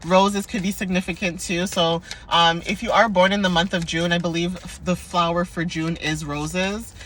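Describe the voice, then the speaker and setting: Bright-voiced, sassy young woman card reader. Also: on the low side, fairly even intonation, normal speed, slight background noise. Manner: chatty, playful and sassy, with frequent laughs. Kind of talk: casual spiritual card reading.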